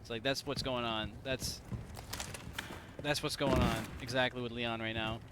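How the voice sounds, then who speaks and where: A man's voice: medium pitch, steady tone, moderate pace, noisy background. A man from Indiana giving casual, profane, rambling let's-play commentary to his viewers. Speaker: gaming streamer.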